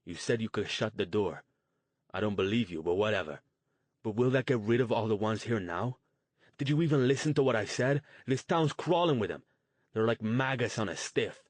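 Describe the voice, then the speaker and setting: A man voicing a gruff, hard-bitten male street outcast who talks blunt and crude in slang. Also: on the low side, expressive, moderate pace, dry recording. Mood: scornful.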